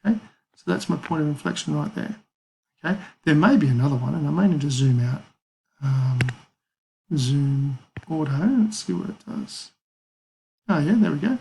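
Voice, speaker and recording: A man's voice: a little high, expressive, moderate pace, vocal fry, long pauses, warm tone, a little hiss or hum, rough recording. A man teaching a maths lesson, talking casually through calculator steps and thinking aloud. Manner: casual, thinks aloud with fillers and small apologies.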